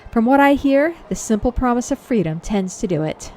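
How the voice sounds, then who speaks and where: Woman playing a blunt hired soldier, folksy rough talk, animated pitch. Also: brisk, lightly acted. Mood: frank. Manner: rough common speech, folksy. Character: lowborn male soldier, blunt and mercenary.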